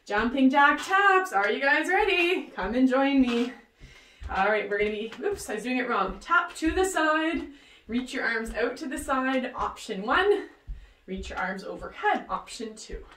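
A woman's voice: high-pitched, expressive, unhurried, a bit bright, a little hiss or hum. A woman leading a workout, upbeat and cheering with whoops and countdowns while she exercises along. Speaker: fitness instructor. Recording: roomy, voice distant from the mic.

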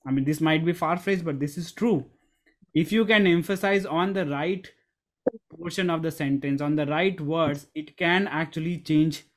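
A middle-aged man leads an online coaching session over a video call, speaking into a desk microphone. His voice sits a little high for a man, and he leans hard on key words, repeats his points and calls on people by name. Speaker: storytelling coach. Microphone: desk USB microphone.

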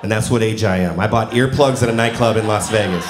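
A man's voice: lowish voice, quick pace. A man in his forties doing a stand-up comedy set, telling self-mocking stories and acting out the dialogue. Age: 40s. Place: comedy club stage before a live audience. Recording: roomy live venue with crowd noise.

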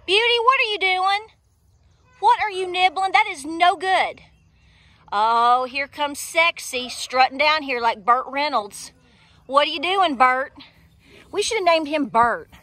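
A woman's voice: high voice, fairly bright tone. A woman, hosting a homestead vlog and chatting casually with her viewers while working outdoors in a garden. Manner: chatty, folksy, talks straight to viewers.

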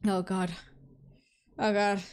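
This young female VTuber plays a horror game and talks to herself the whole way, jumping at scares, pleading with the game, then joking at her own expense. She has a medium-pitched, clear, resonant voice with a level tone and a slow pace.

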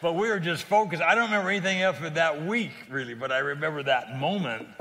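Older male guest, gravelly and bright, animated storyteller, heard in a reverberant space. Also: a little high, fast talker, slight background noise. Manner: lively, laughing, emphatic storyteller. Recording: long reverb.

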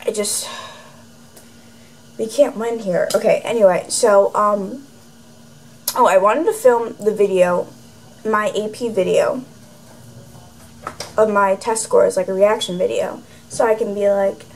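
Speaking to the camera in front of her from a room at home, a teen girl rambles sarcastically through a casual vlog, leaning heavily on "like." Her voice is mid-range, steady, and darkish, with vocal fry, a measured pace, and long pauses, all on a low-quality recording with slight background noise.

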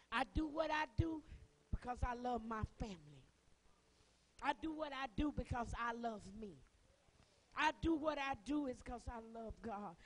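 A woman minister with a Southern US accent preaching a testimony sermon, fervent and crying, swinging from soft words to shouts. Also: a little high, lively intonation, measured pace, low-quality recording.

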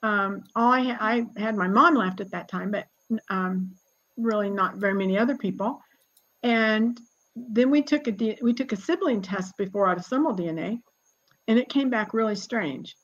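A woman's voice: mid-range voice, normal speed. Chatty woman in her sixties, muffled audio. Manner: lively, chatty, laughs often. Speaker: genealogist guest. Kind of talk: casual storytelling conversation.

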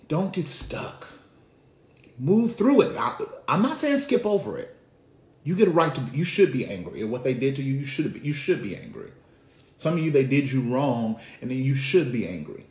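With big pitch swings, a male pastor delivers a call-and-response sermon, conversational and slangy, shifting from near-whispers to shouts. His pace is moderate and the recording is reverberant.

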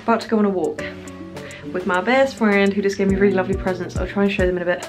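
A bubbly young woman in her twenties chats casually to her camera, quick to laugh. Her voice sits in a middle pitch, and upbeat music plays clearly beneath her talk. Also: steady tone. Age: 20s. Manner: bubbly, chatty, laughs often. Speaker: vlogger. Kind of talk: casual vlog chat.

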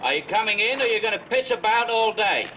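An actor playing a brash, crude young tough. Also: male voice, sits high, animated, fast talker. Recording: dull lo-fi film audio, loud noise.

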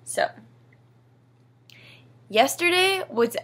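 A woman's voice: mid-range voice, animated, a little slow, fairly bright tone. A young woman vlogging in a casual, rambling, emotional way, swearing freely. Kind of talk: casual personal vlog.

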